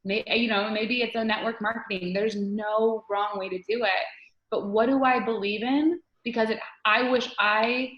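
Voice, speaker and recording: A woman coach giving animated, spiritual interview answers, often restarting her sentences. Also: fairly high pitch, moderate pace, roomy sound, dull audio. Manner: animated, spiritual, repeats herself. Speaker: guest coach.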